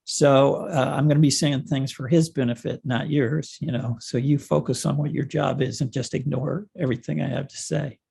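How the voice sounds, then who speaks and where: Older male storyteller, heavy gravel and husk, unhurried and filler-laden interview answers. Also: medium pitch, steady tone, mellow. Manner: measured storytelling with many fillers. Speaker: former cycling coach.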